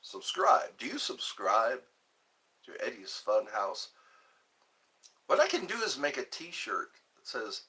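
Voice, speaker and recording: A man's voice: medium pitch, huge pitch swings, slow pace, long pauses, bright, forceful tone. A man hosting his own live stream, rambling and joking between topics, greeting viewers and now and then breaking into mock cries.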